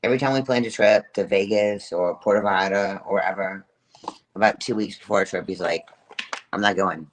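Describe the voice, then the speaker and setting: Speaking briskly in a steady bass voice, a middle-aged woman recounts a personal story to her live chat with plenty of emphasis, repetition and profanity, laughing as she talks. There's slight background noise.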